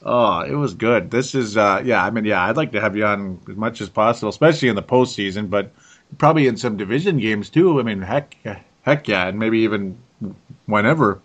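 A man's voice: fairly low pitch, animated, a little fast, fairly bright tone. A tired man hosting a casual sports podcast, laughing often and restarting his sentences. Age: young adult to middle-aged. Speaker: podcast host.

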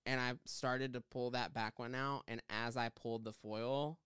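A man's voice: medium pitch, steady tone, moderate pace, fairly bright tone, smooth, dry recording, clean studio sound. A man co-hosting a podcast, casually telling a long salon story with lots of fillers. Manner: chatty, rambling with fillers. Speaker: podcast co-host, hairstylist.

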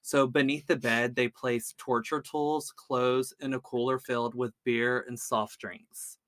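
A man's voice: mid-range voice, flat delivery, a little slow, a bit bright, no echo. A man hosting a podcast, telling a true-crime story in a casual, chatty way, often stumbling over words and saying "like.". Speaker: podcast host.

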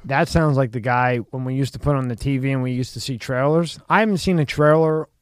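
A man hosting a casual podcast chat who laughs easily, swears and cuts in with quick remarks. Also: medium pitch, smooth, dry recording. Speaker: podcast host.

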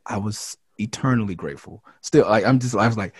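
A man who raps, from the Los Angeles area, talking frankly and with a lot of swearing in a casual interview, and getting louder when he is heated. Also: fairly low pitch, brisk, hardly any pauses, husky. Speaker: rapper and interview guest. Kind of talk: candid casual interview talk.

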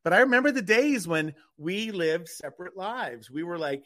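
A man's voice: high-pitched, lively intonation, moderate pace, pushed and bright. An older man co-hosting a radio talk show, chatting and gossiping in a self-deprecating way. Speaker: podcast co-host. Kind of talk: casual chat.

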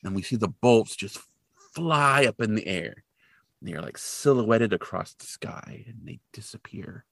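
A man co-hosts a casual podcast, retelling a film scene with lively swings of pitch. His voice sits low but sounds bright and forward, in a dry, close recording. He jumps into the characters' lines as he goes. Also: measured pace, creaky, dry recording. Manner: animated, acts out characters' lines in a raised voice. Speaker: podcast co-host. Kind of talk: casual chat recapping a film.

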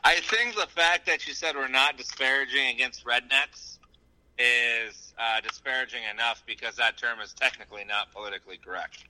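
A man's voice: medium pitch, moderate pace, sharp tone, low-quality recording. A young man, a regular on the show, bantering casually in a jokey, playfully defensive way.

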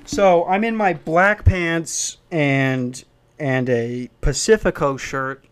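A man's voice: fairly high pitch, slow pace, smooth. A man who works a hotel front desk, venting in a worked-up, profane rant about a coworker. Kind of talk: venting storytime vlog.

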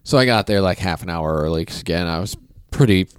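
A man's voice: low-pitched, fast talker, clear, resonant tone, no room sound, clean studio sound. A man in casual podcast chat, telling a self-deprecating story about an early gig.

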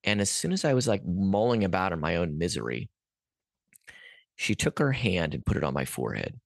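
A man's voice: low voice, a little fast, gravelly, no echo, studio quality. A man guest on a podcast, earnestly telling a personal story in a rambling way, with many restarts and fillers. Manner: earnest, animated at peaks.

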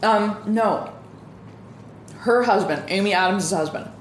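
A woman's voice: mid-range voice, measured pace. A woman co-hosting a podcast in casual chat, talking while she eats in a small home kitchen. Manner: chatty, talks while eating, with mouth full. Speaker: podcast co-host. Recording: echoey room with faint ambient noise.

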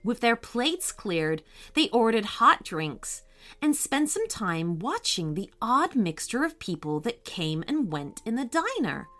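A woman narrating a children's story in a gentle, expressive read-aloud way. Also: medium pitch.

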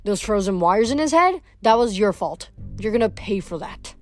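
A woman's voice: mid-range voice, expressive, moderate pace, darkish tone, no room sound, soft background music, close to an everyday voice. A woman reading a book aloud, voicing a brash, defiant teenage boy. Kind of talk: read-aloud book narration.

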